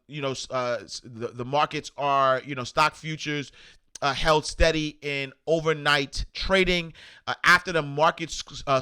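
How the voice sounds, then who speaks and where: A man hosting a casual news commentary show, rambling with many fillers and getting animated when indignant. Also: mid-range voice, clear, resonant tone. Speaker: host.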